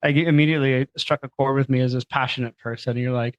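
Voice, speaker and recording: A man's voice: mid-range voice, steady tone, fast talker, no room sound, rough recording. A man, an event organizer talking in a casual, earnest and enthusiastic way as a podcast guest. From Canada. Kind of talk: casual interview chat.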